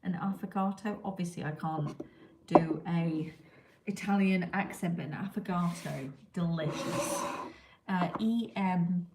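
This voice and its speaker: A woman's voice: lowish voice, measured pace. A woman, chatting casually with viewers as a livestream host and reading out their comments. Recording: echoey room with clear background noise.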